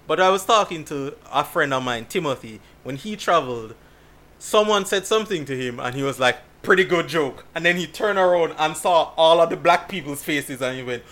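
A man from Jamaica, chatting casually and telling stories in an animated way, laughing often. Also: on the high side, fairly quick. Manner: animated storytelling with frequent laughs. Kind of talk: casual chat.

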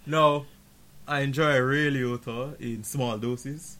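A man's voice: medium pitch, fairly even intonation, takes it slowly, sharp tone. A man co-hosting a casual movie podcast, rambling and joking with friends and breaking into mock outrage. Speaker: podcast co-host reviewing a film.

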